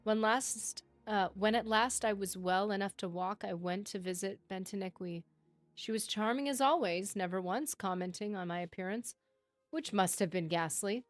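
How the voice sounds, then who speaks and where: A woman streamer reading a game book aloud on a livestream, steady narration broken by chatty asides. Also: mid-range voice, normal speed, no echo, soft background music.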